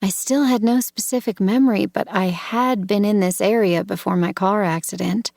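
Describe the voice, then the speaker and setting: A woman narrating a first-person audiobook in a measured, tense storytelling manner. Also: mid-range voice, fairly even intonation, vocal fry, a little mellow, no echo, studio quality.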